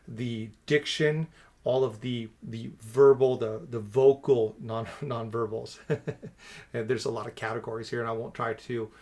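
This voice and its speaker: A man in his thirties giving a lesson straight to the camera. He talks with emphasis and comes back to his key phrases again and again. His voice sits at an ordinary middle pitch. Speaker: speaker and coach. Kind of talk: teaching to camera.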